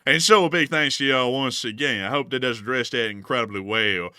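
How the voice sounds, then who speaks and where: A man's voice: medium pitch, brisk, sharp tone, dry recording, studio quality. A young man co-hosting a live news stream, upbeat and chatty as he thanks supporters, laughing often. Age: young adult. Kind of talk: live-stream super chat thank-yous.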